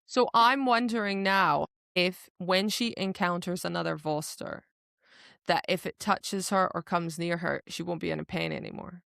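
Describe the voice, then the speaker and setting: Woman, book podcast co-host, gravelly voice, dry close mic, animated, exasperated, swears freely. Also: lowish voice, normal speed, no room sound. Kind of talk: casual book discussion.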